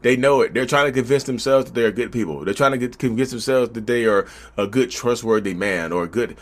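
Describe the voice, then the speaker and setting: A man's voice: medium pitch, brisk. A man vlogging in a casual, preachy way, speaking straight to his viewers. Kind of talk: casual commentary to camera.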